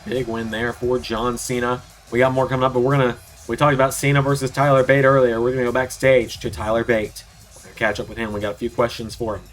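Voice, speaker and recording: A man with a sore throat calls the matches in an announcer style. His voice sits in a middle pitch, and he keeps up steady play-by-play hype. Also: quick pace. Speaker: commentator, channel host. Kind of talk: play-by-play video game wrestling commentary.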